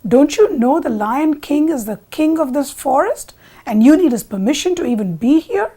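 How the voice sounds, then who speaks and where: A woman's voice: high-pitched, expressive, moderate pace, dark tone, voice pushed up. A woman voicing a sly scheming jackal. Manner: wheedling, persuasive.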